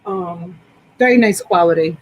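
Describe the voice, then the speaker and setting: Husky-voiced woman hosting a live sale. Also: lowish voice, a little slow, rough recording. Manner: enthusiastic, rambling product descriptions. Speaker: live-selling host. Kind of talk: chatty live sales stream. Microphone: desktop USB microphone.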